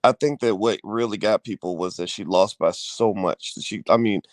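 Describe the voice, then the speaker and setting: A man in casual conversation, talking in an animated way with frequent restarts and blunt slang. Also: lowish voice, moderate pace, no room sound. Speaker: co-host. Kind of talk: casual chat.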